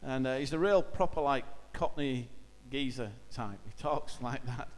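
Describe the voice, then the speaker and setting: A man's voice: medium pitch, a little slow, long reverb tail. A man giving an informal church talk, speaking conversationally and hesitantly with many fillers.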